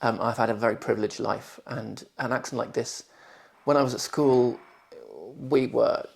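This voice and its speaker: A man's voice: medium pitch, steady tone, moderate pace. A man in his forties from London with a posh southern English accent, carefully pronouncing every word as he reads test sentences and answers interview questions. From London, England. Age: 40s. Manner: careful, clearly pronounced speech. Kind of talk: reading test passages, then interview answers.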